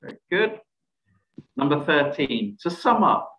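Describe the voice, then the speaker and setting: Higher-voiced man leading an online workshop. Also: very animated, unhurried, pushed and bright. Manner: quizzing participants and praising answers. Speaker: presentation skills trainer. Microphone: video call microphone. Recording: echoey, dull video call audio.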